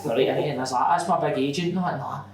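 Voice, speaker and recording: Animated Scottish man, high voice. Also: a little fast. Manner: animated, sweary, laughs through his stories. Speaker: podcast guest. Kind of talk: casual anecdote telling. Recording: echoey room, distant mic.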